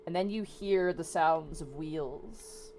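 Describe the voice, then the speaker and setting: A woman narrating a tabletop role-playing game as dungeon master, in a soft, unhurried way. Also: low voice, slight background noise.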